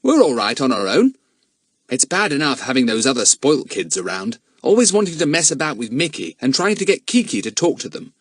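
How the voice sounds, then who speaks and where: A man's voice: medium pitch, sing-song, fairly quick, husky, no echo, studio quality, voice pushed up. A man voicing a firm, sensible teenage boy in a storybook. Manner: firm, stern. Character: sensible boy with a monkey, young teen.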